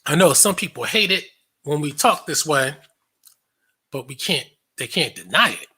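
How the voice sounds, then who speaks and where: Sarcastic guy ranting casually, cusses a lot, bright edgy voice, kinda husky. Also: a little high, animated, moderate pace. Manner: blunt and profane, laughs often. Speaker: online show host. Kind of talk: casual commentary monologue.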